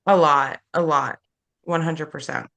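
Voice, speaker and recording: A woman interviewed in a casual chat, talking in a relaxed, rambling way with many restarts. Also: low voice, unhurried, creaky. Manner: relaxed, rambling, laughs often. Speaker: interview guest, content creator.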